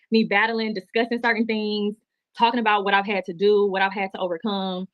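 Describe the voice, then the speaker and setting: A woman's voice: medium pitch, level tone, fairly quick, dry recording. A woman, talking to her viewers in an emotional, heartfelt, rambling livestream. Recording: muffled, dry replayed stream audio.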